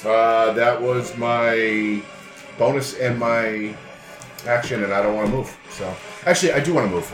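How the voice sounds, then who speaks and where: A man's voice: medium pitch, measured pace, reverberant, over music. A man playing a tabletop game, joking, laughing and working out dice sums aloud. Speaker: player.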